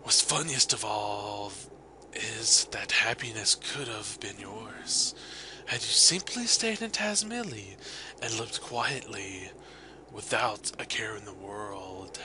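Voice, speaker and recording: A man voicing a menacing male game villain in a slow, low, drawn-out way while reading game dialogue aloud. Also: expressive, bright, forceful tone, a little hiss or hum, heavily acted. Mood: smug.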